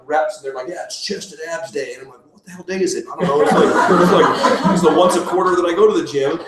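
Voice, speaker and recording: Chatty joking man in an echoey room. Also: a little high. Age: middle-aged. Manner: chatty, self-mocking, laughs often, lots of fillers. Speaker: presenter at a business opportunity meeting. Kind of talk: casual joking talk to a room. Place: meeting room. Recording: echoey room, voice far from the mic.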